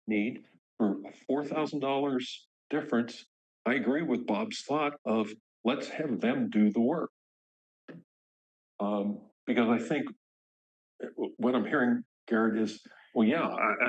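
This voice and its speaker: A man chairing a board meeting, talking haltingly with many ums and restarts. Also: medium pitch, husky, lo-fi sound. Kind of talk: formal meeting discussion.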